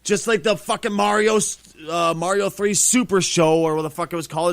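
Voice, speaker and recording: A man's voice: sits high, moderate pace, gravelly, few pauses, fairly bright tone, no room sound. A man co-hosting a casual podcast, ranting sarcastically and swearing freely. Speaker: podcast co-host.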